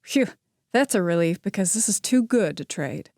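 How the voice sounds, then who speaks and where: A woman's voice: medium pitch, animated, normal speed, darkish tone, no echo, clean studio sound, lightly acted. A woman reading the part of a playful, charming young man who jokes drolly and teases lightly. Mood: teasing.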